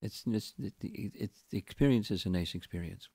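A man giving a scripture lecture as a spiritual teacher, speaking in a halting way with frequent restarts and repeated words. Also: lowish voice, animated, mellow, husky, no room sound.

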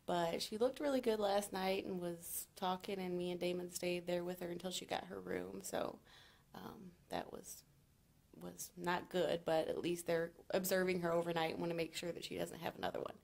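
A young woman talking casually to the camera in a home vlog, soft-spoken and chatty. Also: lowish voice, flat delivery, moderate pace, gravelly. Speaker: vlogger and mother.

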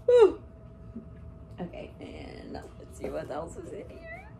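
Gushing woman vlogger, lively slow voice. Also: low voice, gravelly. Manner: gushing, exclamatory, talks to viewers as "guys". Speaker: plant vlogger. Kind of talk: casual unboxing vlog. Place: living room at home. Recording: noisy, crinkling packaging behind.

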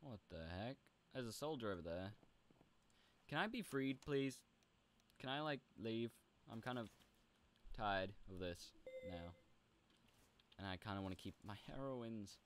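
A young man with a low voice chats casually through a game session. He is playful and rambling, and often jumps into high, goofy squeaks. The delivery stays loose and conversational. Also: animated, measured pace, long pauses, a little hiss or hum. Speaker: gaming video host. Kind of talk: casual role-play commentary.

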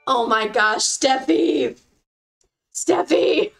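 A woman's voice: high-pitched, animated, extremely slow, vocal fry, a bit bright, soft background music. A young woman streaming a game, chatting with her viewers in an effusive, gushing and giggly way. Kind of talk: casual live-stream chat with viewers.

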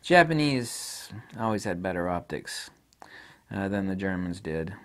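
A middle-aged man reviewing camera lenses in a blunt, rambling, casual way, swearing offhand and laughing at his own jokes. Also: unhurried. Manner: animated, pitch swings widely.

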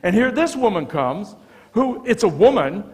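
An American man, a visiting pastor, preaching a sermon with animated storytelling, acting out the dialogue of the people in his stories. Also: high-pitched, moderate pace. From United States. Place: church sanctuary. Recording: long church reverb.

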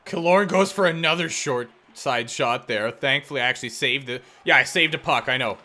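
A young man commentating his own hockey video game play, excitable and self-deprecating, yelling at big plays. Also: mid-range voice, brisk. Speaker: gaming YouTuber. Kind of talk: live gameplay commentary.

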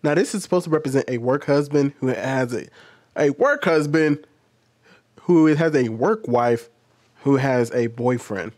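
A man talking casually to his viewers in a commentary video, full of personal stories and asides. His voice sits at an ordinary pitch and is recorded close and dry, with no room around it. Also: a little slow, darkish tone, dry recording. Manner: chatty, storytelling, talks directly to viewers. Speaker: commentary host.

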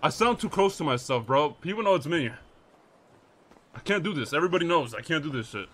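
A man's voice: a little high, expressive, fairly quick, fairly bright tone. A young man streaming, talking casually and reading chat aloud, incredulous and joking with plenty of swearing.

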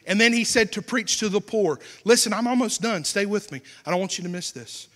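A young man with a Southern American accent preaching a sermon with passion, going from shouts down to a hushed near-whisper. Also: high voice, fairly quick. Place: church. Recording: long church hall reverb.

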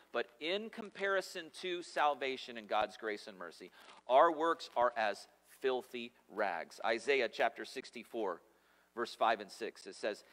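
A male pastor preaches a sermon in a church sanctuary, emphatic yet conversational, with humorous asides. His voice is mid-range and fairly bright, carried by the long reverb of a church hall.

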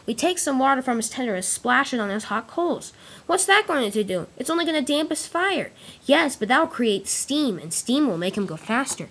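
A woman reading a train story aloud, with lively character lines between plainer narration. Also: high-pitched, moderate pace. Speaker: storyteller reading all parts. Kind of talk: amateur read-aloud storytelling of a train tale.

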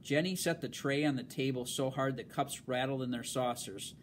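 A man reading a novel aloud in a halting way, stumbling over words and filling pauses with um and uh. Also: medium pitch, a little hiss or hum. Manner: halting, with fillers and restarts. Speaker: reader.

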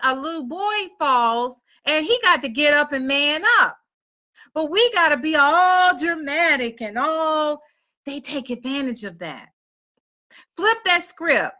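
Bright, high-voiced woman telling her story. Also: a little slow. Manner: animated storytelling, acts out others in high voices. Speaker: motivational speaker. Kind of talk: storytelling talk.

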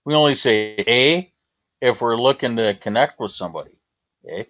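A man's voice: mid-range voice, quick pace. A Canadian man chatting on a livestream, rambling, swearing freely and answering his chat. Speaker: livestream host. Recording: slightly dull lo-fi stream audio.

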